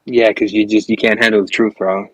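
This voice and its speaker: A man's voice: fairly low pitch, little pitch movement, brisk, fairly bright tone, dry recording, poor audio. A man calling in to a live debate, taunting the host and tacking "bro" onto his lines. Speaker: debate caller.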